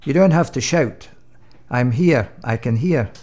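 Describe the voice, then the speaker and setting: A man playing God as a patient, fatherly deity in a comic sketch, dry and gently joking. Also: mid-range voice, lively intonation, measured pace. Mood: teasing.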